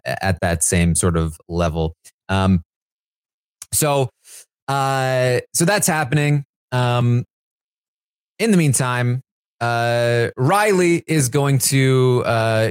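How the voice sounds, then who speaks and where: A man's voice: on the low side, smooth, no room sound, studio quality. A man hosting a casual solo recap, talking loosely with many fillers and restarts. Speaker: live feed recap host.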